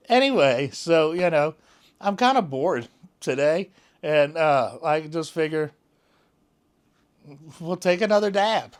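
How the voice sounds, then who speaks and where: A man chatting casually to camera at home, rambling along with plenty of fillers and restarts. His voice sits fairly high and comes across smooth and clear. He takes his time, talking slowly. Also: expressive. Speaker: vlogger.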